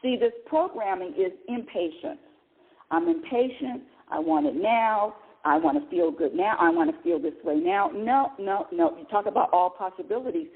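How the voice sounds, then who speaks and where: A woman's voice: mid-range voice, sing-song, moderate pace. A woman hosting a call-in radio show, talking in an emphatic way and often repeating her words. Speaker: radio host. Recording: tinny phone-line sound.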